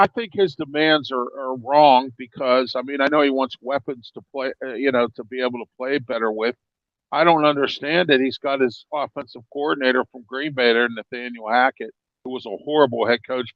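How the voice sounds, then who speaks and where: A man on a sports talk panel answers in a halting way and reaches for folksy sayings. His voice has a middling pitch. He comes through a dull, lo-fi remote line with a dry sound. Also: no room sound.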